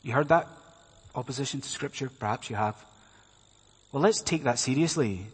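A man's voice: medium pitch, normal speed, slightly rough. A man preaching a sermon, speaking emphatically and asking the congregation many rhetorical questions. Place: church hall. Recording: reverberant hall sound.

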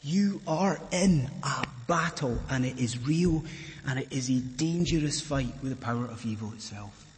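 A man's voice: medium pitch, expressive, normal speed, slight background noise. A male preacher delivering an earnest evening sermon, rising to fervent emphasis with rhetorical questions to the congregation. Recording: long reverb of a large hall.

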